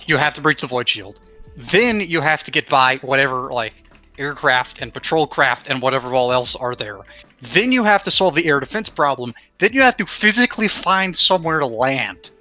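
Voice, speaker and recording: A man's voice: medium pitch, animated, moderate pace, sharp tone, soft background music. A man hosting a casual panel chat online, rambling with many fillers and restarts. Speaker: podcast host.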